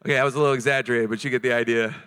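A young man preaching a sermon in a casual, joking and animated way, with many fillers. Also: medium pitch, racing, smooth.

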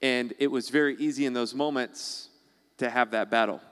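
A man's voice: medium pitch, steady tone, moderate pace, fairly bright tone, clear, resonant tone, long reverb tail. A man preaching a sermon as pastor, in a conversational way, acting out the voices of the people he quotes.

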